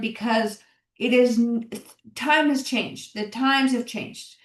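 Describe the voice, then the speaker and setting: A woman's voice: a little high, slow pace. A middle-aged woman hosting a solo podcast, talking in an encouraging, conversational way and often repeating her key phrases. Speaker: podcast host, health coach. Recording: roomy, distant mic.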